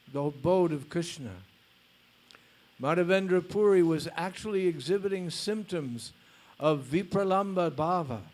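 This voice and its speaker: A male spiritual teacher giving a lecture, reading a story aloud in a deliberate way with blunt casual asides. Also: fairly high pitch, a little mellow.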